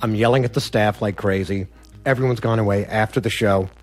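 A man telling a funny personal story in a wry, animated way, acting out the other people's lines. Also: lowish voice, a little fast. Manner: wry, animated, acts out voices. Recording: music bed behind voice.

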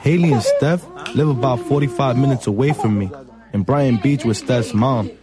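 A young man narrating his own story in a quiet, plain, reflective way. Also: medium pitch, normal speed, music in the background. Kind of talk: scripted documentary narration.

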